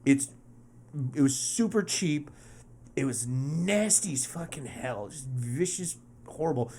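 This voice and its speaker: A man hosting a casual podcast, telling stories in an animated, profane way. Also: mid-range voice, slow, slight background noise. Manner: animated, swearing storyteller. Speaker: podcast host.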